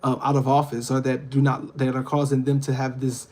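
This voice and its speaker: A man's voice: medium pitch, completely flat delivery, a little fast, darkish tone. A man hosting a casual livestream, talking earnestly to his viewers and asking them questions. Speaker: livestream host.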